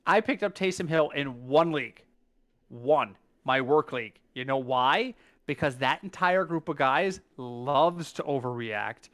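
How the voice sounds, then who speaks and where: A man co-hosting a podcast in casual chat, talking emphatically and stumbling over his words as he recalls things. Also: fairly high pitch. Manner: emphatic, lively, restarts and stumbles when recalling. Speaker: podcast co-host.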